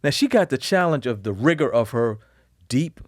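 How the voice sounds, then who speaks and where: A man, a guest on an interview podcast, telling candid personal stories in a lively, expressive way. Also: moderate pace, dry recording, studio quality. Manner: animated storyteller, lively swings in pitch and volume.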